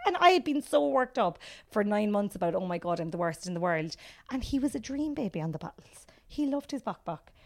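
A Cork woman in her thirties chats casually as a guest comedian. She tells animated stories and acts out what people said along the way. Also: medium pitch, a little fast, vocal fry. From Ireland. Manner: animated storyteller, acts out quotes. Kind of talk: casual chat.

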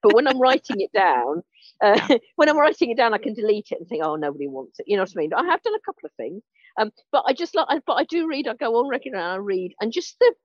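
A woman's voice: on the high side, sing-song, fast, dry recording, lo-fi sound. A British woman from England, a podcast guest, bubbly and hesitant with many restarts. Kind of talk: casual interview chat.

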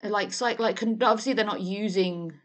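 A woman co-hosting a relaxed movie podcast, her voice sitting at an ordinary middle pitch. She talks in a chatty, blunt way, swears freely, and often trails off and restarts mid-thought. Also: moderate pace. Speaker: podcast co-host. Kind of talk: casual film chat.

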